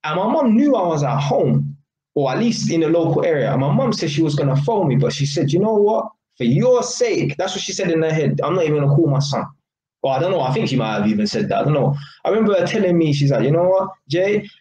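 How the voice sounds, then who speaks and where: A man's voice: fairly high pitch, very animated, quick pace, dark tone. A young man with a London accent, ranting casually to camera in street slang. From England. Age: young adult. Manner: heated street slang, repeats "innit". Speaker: vlogger. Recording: echoey room with faint ambience.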